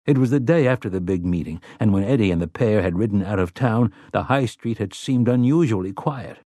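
Low-voiced man narrating an audiobook. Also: a little fast, mellow, no echo. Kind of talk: scripted narration.

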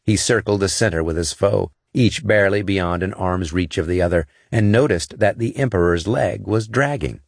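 Male audiobook narrator, very low voice, dry booth sound, steady dramatic read. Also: moderate pace, gravelly, few pauses, no room sound. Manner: steady, dramatic action reading.

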